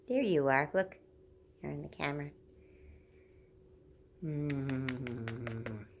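A woman in her forties chatting casually on a home vlog, rambling between everyday news and soft baby talk to her dog. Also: rumbling low, animated, very slow. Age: 40s. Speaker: vlogger.

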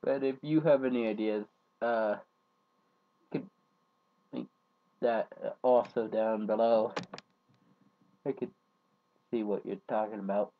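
A man rambling casually to his viewers in a vlog, trailing off into low mumbles and then bursting into loud rants. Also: fairly even intonation, takes it slowly, pauses often. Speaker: vlogger. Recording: dull lo-fi home recording.

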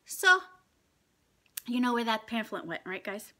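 A middle-aged woman vlogger telling a story in casual chat, animated and laughing often as she acts out what people said. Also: a little high, a little slow, pauses often. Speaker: mukbang vlogger.

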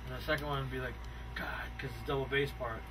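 A man's voice: medium pitch, fairly even intonation, racing. A man in casual studio banter, laid-back, talking through a song arrangement. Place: recording studio. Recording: distant mic, heavy studio noise.

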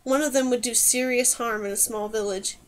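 High-voiced woman narrating an audiobook. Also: steady tone, brisk.

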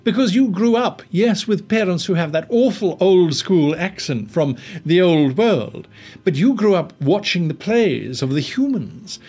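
A man's voice: sits high, a little mellow. A man giving a rambling, think-aloud tutorial on tabletop game mastering, with frequent restarts.

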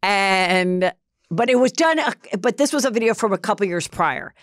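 A woman's voice: animated, normal speed, a bit bright, dry recording, clean studio sound. A woman hosting a casual gossip podcast, telling stories and acting out quotes. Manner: chatty storyteller, acts out quotes in higher voices. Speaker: podcast host.

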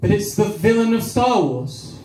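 A man's voice: high-pitched, sing-song, unhurried, mellow. A young man from Devon doing a stand-up comedy set at a small cafe-bar, chatting with the crowd and acting out voices. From Devon, England. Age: young adult. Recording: roomy venue with faint crowd noise.

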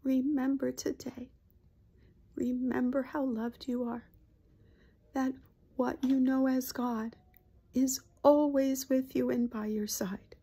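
A woman voicing a gentle, somber channeled spirit collective in a whispered role-play, speaking in a slow, solemn, loving way. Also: sits high, little pitch movement, slightly rough, pitched above the performer's own voice, full character voice.

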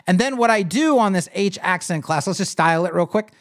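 A man's voice: high-pitched, brisk. A man hosting a live web design stream, casually explaining as he clicks through a site builder and talking to viewers. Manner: casual, animated, talks to viewers while clicking. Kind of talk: live screen-share tutorial.

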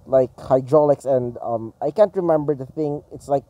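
A man's voice: medium pitch, moderate pace, dark tone. A man casually improvising a fan-fiction story, rambling with many ums and a bit of swearing.

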